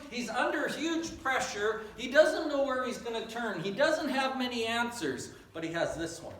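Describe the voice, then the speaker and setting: Guy preaching, slows down and goes quiet on the big lines, super echoey room w/ a little hiss. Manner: earnest, emphatic, drops low and quiet on key phrases. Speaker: pastor. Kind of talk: sermon. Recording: echoey and distant, faint noise.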